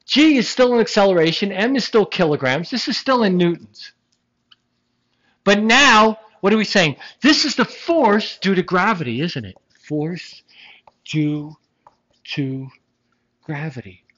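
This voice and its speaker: Science lecturer, classroom talk, emphatic, lively questions, muffled lo-fi sound. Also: mid-range voice, moderate pace. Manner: animated, emphatic, with rhetorical questions and jokes.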